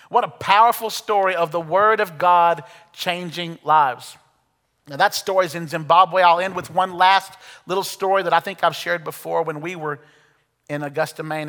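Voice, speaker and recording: A man preaching a sermon as pastor, telling stories with quoted dialogue and then quietly appealing to listeners. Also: on the high side. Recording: long hall reverb.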